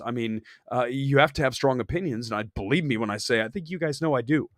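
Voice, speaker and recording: A man hosting a live movie talk show, opinionated and animated, talking fast and reacting to chat comments. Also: mid-range voice, dry recording, studio quality. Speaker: host. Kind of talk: casual live-stream film chat.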